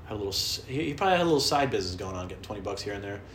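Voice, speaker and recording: Man, casual vlogger, rambling and self-mocking, bright tone; roomy recording with faint ambience. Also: on the low side, animated, rapid-fire, slight background noise. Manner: rambling, profane, self-deprecating. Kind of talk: casual storytelling.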